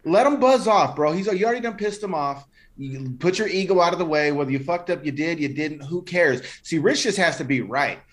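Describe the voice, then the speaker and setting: A man's voice: on the high side, a little fast. A man co-hosting a podcast, talking bluntly with heavy slang and swearing in casual chat. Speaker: podcast co-host.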